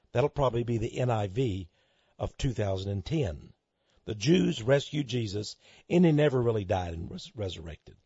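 A man preaching a sermon to listeners he calls friends, swinging between loud outbursts and hushed asides. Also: mid-range voice, breathy edge, no room sound. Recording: dull lo-fi recording.

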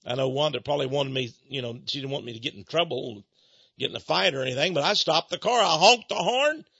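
Male radio talk host, high bright husky voice, indignant rants, dull lo-fi sound. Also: fast, dry recording. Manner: indignant ranting, swinging between hushed asides and loud outbursts. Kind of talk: opinionated radio commentary.

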